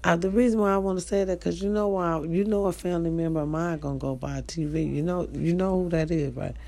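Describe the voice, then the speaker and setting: A middle-aged woman with an African American Vernacular English accent talks straight to her listeners in a loose, swearing monologue. Her voice is dark and gravelly with a lot of fry. She is blunt and animated, and she keeps calling out to her audience. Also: fairly low pitch, fast. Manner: profane, animated and blunt, addressing listeners directly. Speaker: online talk show host. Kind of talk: casual storytelling monologue.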